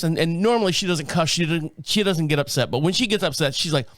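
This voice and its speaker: A man's voice: on the high side, fast talker, few pauses, no echo. A man hosting a podcast, telling a casual story with lots of swearing and laughter. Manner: animated, profane, laughs often. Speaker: podcast host.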